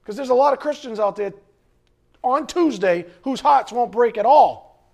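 A middle-aged pastor with a voice high for a man delivers an animated sermon at normal speed, with some vocal fry. He acts out the voices of the people he quotes and occasionally breaks into a shout.

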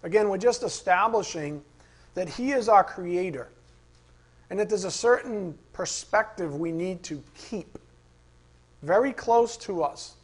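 A man teaching a Bible study class. He asks the class questions, reads verses slowly and repeats the key lines. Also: high-pitched, lively intonation, slightly rough. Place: classroom with a board.

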